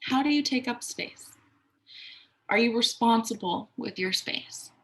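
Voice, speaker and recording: A woman's voice: a little high, measured pace. Candid woman talking through self-care advice. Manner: candid, conversational, swears casually and acts out quoted voices. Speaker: astrology and self-care podcaster. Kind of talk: reflective casual monologue.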